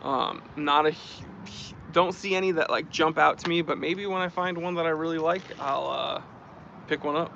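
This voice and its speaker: A man's voice: on the high side, fairly even intonation, normal speed, creaky, bright, forceful tone, a little hiss or hum. A man hosting a casual live stream, chatting and reading out and thanking viewer comments. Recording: dull lo-fi stream audio.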